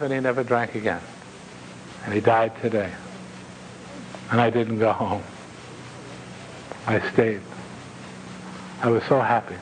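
A man telling a vivid first-person story with dramatic pauses and asides to his listeners. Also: mid-range voice, darkish tone, a little hiss or hum, rough recording.

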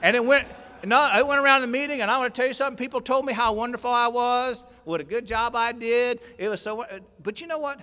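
High, bright man in a big reverberant hall. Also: fast talker, smooth. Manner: animated storyteller, rising to near shouting, dropping low and quiet. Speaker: workshop speaker at a recovery convention. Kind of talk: storytelling talk to an audience. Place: large convention hall.

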